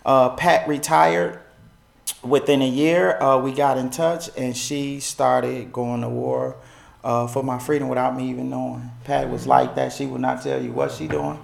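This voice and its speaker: Gravelly man telling a story, echoey room. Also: unhurried. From Milwaukee, United States. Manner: animated, acts out quoted voices with big pitch jumps. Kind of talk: personal storytelling to an audience.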